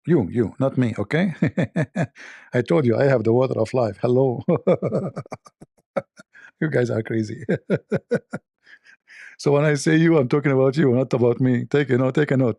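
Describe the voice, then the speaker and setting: A man's voice: medium pitch, creaky, mellow, dry recording, clean studio sound. A man hosting a mocking commentary on religion, sarcastic, repeating his phrases and laughing at his own jokes. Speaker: show host.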